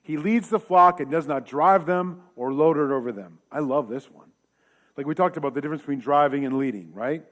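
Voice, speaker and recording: A man's voice: a little high, brisk, fairly bright tone. A man preaching a casual sermon in a church, talking conversationally with joking asides and rhetorical questions. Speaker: pastor.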